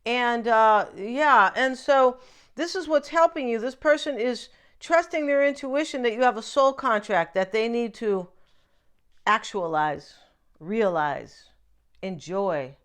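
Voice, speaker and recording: A woman's voice: on the high side, takes it slowly, smooth. A woman giving a casual, chatty tarot reading, often musing aloud and asking "right?". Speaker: tarot reader.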